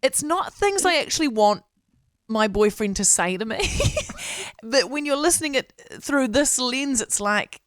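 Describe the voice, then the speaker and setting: A woman with a New Zealand accent chats on a radio show, candid and quick to giggle. Her voice is dry and close to the mic, with no room around it. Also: high voice, expressive, dry recording. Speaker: radio co-host. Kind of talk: casual radio chat.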